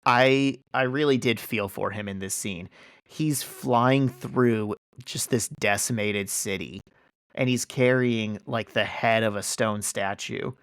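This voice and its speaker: A man's voice: on the low side, takes it slowly, clean tone, dry recording, clean studio sound. A man hosting a podcast, casually and animatedly retelling a story in a chat, full of fillers. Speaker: podcast host. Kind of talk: casual chat recapping a comic.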